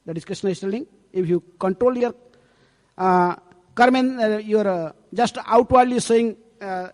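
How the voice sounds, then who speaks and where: In a temple hall with long, echoing reverb, a male swami preaches through stories from scripture. His high voice is a little mellow and moderately paced, and he keeps tossing in a chatty rhetorical "eh?".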